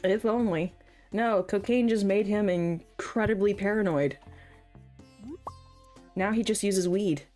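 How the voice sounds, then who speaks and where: A woman's voice: medium pitch, unhurried, long pauses, darkish tone, soft background music. A young woman streamer chatting casually while playing a farming game, laughing often and swearing freely. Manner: chatty, laughs often, swears casually, quotes comedy bits in put-on voices.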